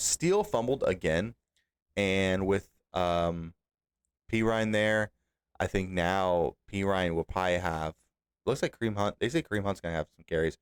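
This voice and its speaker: A young adult man hosting a podcast alone, recapping fantasy football results in an animated, exasperated way. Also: deep voice, normal speed, smooth. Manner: animated, exasperated scolding of team managers. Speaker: podcast host.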